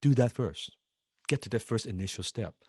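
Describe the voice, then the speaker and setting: A man's voice: mid-range voice, moderate pace, dark tone, slightly rough, dry recording, studio quality. A man coaching sales students in an emphatic, repetitive way, swearing freely. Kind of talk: lecture to students.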